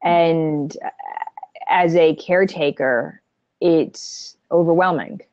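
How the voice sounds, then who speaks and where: A woman's voice: low voice, takes it slowly, darkish tone, dry recording. A woman, a breast cancer survivor, speaking candidly and bluntly, with jokes, in a casual panel talk. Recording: dull, dry sound.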